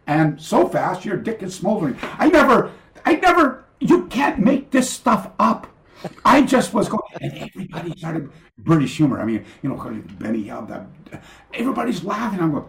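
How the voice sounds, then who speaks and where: A man's voice: sits high, very animated, moderate pace, creaky, a bit bright, reverberant, slight background noise. A man, a karate master and podcast guest, telling anecdotes in a rambling way, often stopping and restarting. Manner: rambling, self-interrupting, many fillers and restarts. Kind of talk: anecdotal storytelling in a remote interview. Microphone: video call.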